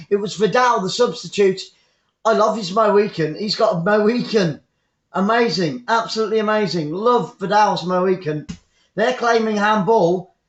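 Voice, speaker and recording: High-voiced English football commentator. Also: male voice, echoey room, dull audio. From England. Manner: chatty, repeats phrases, bursts of excitement. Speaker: fan commentator.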